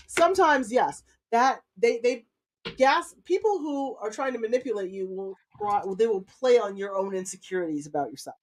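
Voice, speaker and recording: A woman's voice: fairly high pitch, lively intonation, normal speed, a little mellow, slight background noise. Blunt woman podcast co-host. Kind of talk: casual chat.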